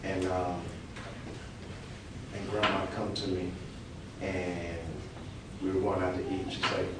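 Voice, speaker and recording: Preacher in an echoey hall. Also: male voice, sits low, takes it slowly, long pauses. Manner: animated storyteller, acts out quotes with laughter. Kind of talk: testimony sermon storytelling. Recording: echoey hall, distant mic, noisy.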